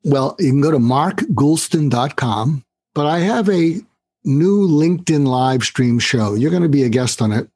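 A man with a fairly high, husky voice speaks at normal speed in a dry recording. He's an author and negotiation trainer on a podcast, animatedly telling stories and playing out the dialogue within them.

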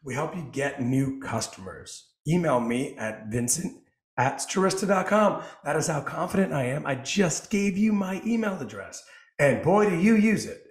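Hoarse, upbeat male podcast host. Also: on the high side, reverberant. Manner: energetic, joking, quick asides. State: hoarse from coaching. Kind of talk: casual chat.

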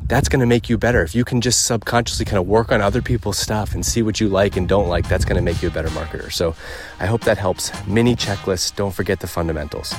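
A man's voice: lowish voice, quick pace, few pauses, music in the background. Slightly breathless man talking on a walk. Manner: emphatic, punchy checklist delivery. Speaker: podcast host. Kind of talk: casual walking rant. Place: outdoors on a walk.

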